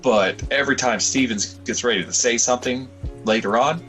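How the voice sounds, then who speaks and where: Over soft background music, a young man co-hosts a podcast in a brisk, mid-range voice, rambling casually and cursing freely while recounting stories. He acts out others' words in lively bits, captured on a rough recording.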